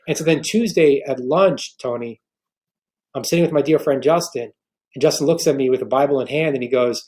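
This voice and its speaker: A man's voice: fairly high pitch, a little fast, a little mellow. A man in his forties from New York, a podcast guest, telling an emotional faith story with many restarts. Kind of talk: earnest faith testimony.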